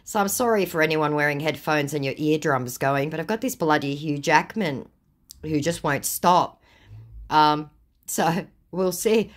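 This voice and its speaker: A woman's voice: deep voice, a little slow. A woman vlogger reading out a text chat with a scammer in a mocking, laughing way.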